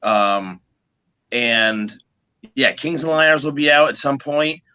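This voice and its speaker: A man, a guest musician, telling stories in a casual, animated way, swearing freely and restarting his sentences. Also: mid-range voice, takes it slowly, clean tone, highs cut off. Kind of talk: casual storytelling.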